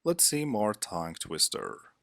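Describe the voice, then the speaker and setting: A male teacher reads a scripted lesson in a very deep yet bright voice. His pitch moves in a lively way, and his delivery stays measured and deliberate. The sound is dry and close. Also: no room sound. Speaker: English teacher.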